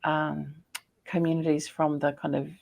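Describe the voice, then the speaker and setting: A woman from New Zealand with a New Zealand accent, a scholar telling stories in a chatty, animated way on a podcast call. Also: sits low, unhurried, gravelly. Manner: chatty, animated storytelling with laughs. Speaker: guest, Māori scholar and poet. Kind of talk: casual podcast conversation.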